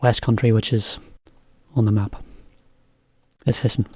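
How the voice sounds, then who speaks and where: A man teaching English in a relaxed, chatty video lesson, explaining as he goes. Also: on the low side, unhurried, breathy edge, no room sound.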